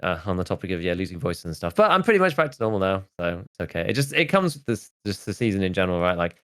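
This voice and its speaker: A podcast host in his thirties talks in a very low, deep voice. He rambles through casual chat, stacking "like" and half-finished starts as he works his way to a point. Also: very animated, fast, fairly bright tone. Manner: rambling, full of "like" and restarts.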